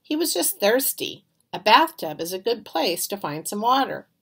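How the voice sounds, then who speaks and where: A woman's voice: medium pitch, moderate pace, gravelly, breathy edge, voice pushed up, heavily acted. A woman reading aloud, voicing a brash, boastful third-grade boy in a storybook. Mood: eager. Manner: cocky, lively.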